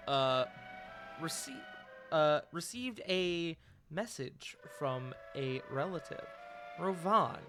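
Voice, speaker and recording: A man narrating as game master of a tabletop game, brisk and playful with many fillers. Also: on the high side, pushed and bright.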